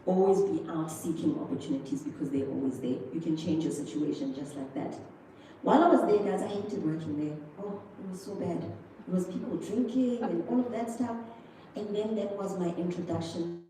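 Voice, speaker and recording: A woman's voice: lowish voice, fairly quick, warm tone, a little hiss or hum. A South African woman giving a chatty motivational speech at a school prize-giving, talking straight to the audience. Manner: chatty, addresses the audience directly, acts out others' voices. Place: school hall. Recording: echoey hall, distant microphone.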